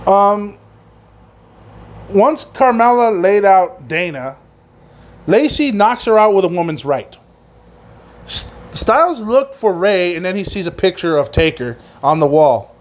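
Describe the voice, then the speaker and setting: High-voiced man recapping wrestling, cursing freely. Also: expressive, measured pace, pauses often. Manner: profane, rambling, laughs at his own jokes. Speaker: podcast host.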